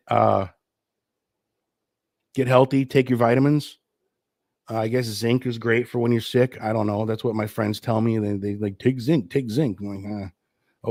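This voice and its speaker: A man's voice: darkish tone, dry recording, studio quality. Worn-out sick man rambling on a live stream. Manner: rambling, loose, low-energy. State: sick with flu, tired. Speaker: host of a live stream show. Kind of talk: casual live stream chat. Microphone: streaming setup.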